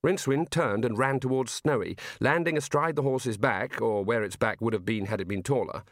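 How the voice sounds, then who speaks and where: A man reading a novel aloud as an audiobook narrator, in measured storytelling. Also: medium pitch, no room sound, studio quality. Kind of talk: scripted narration.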